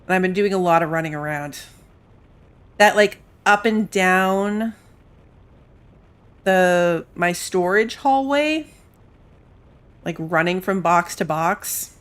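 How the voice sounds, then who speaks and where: Speaking slowly in a lowish voice with long pauses and a clean tone, a weary woman with kids in school chats while gaming. Her let's-play commentary is casual and rambling, broken by the odd yawn from this streamer.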